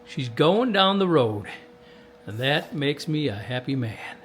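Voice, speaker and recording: A man's voice: fairly high pitch, big pitch swings, slow pace, fairly bright tone. Folksy man testing a radio. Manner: folksy, talks to camera while testing a radio. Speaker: CB radio technician. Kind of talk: casual workshop commentary.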